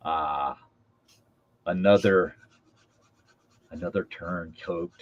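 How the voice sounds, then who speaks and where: Low-voiced teasing American man, lo-fi. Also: fairly even intonation, extremely slow. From United States. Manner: joking, teasing. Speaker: co-host. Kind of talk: casual banter on a livestream. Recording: lo-fi audio.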